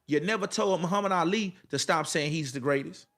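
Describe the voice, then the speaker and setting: A man's voice: on the high side, a little fast, fairly bright tone, faint music behind. A man giving an emphatic, colloquial motivational talk to the camera, repeating his lines in a preacher-like cadence and speaking straight to his viewers. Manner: colloquial, addresses viewers directly.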